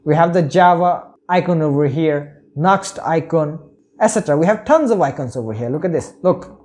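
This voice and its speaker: A man's voice: fairly high pitch, expressive, normal speed, darkish tone. A man teaching web development in a screen-recorded tutorial, talking through each click and often checking in with "okay?". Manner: talks through each click, repeats "okay?" and "over here".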